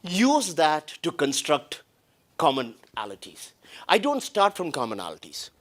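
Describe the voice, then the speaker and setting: A man from India speaking at a breakfast talk, pitched a little higher than most men. He talks bluntly and emphatically, stopping to restart his sentences. It comes across as a lively public talk rather than a script. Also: measured pace.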